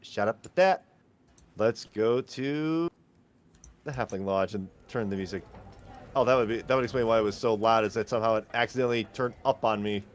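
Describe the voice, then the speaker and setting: A man's voice: on the low side, fairly quick, a little hiss or hum. A man running a tabletop game as game master, narrating casually and thinking aloud.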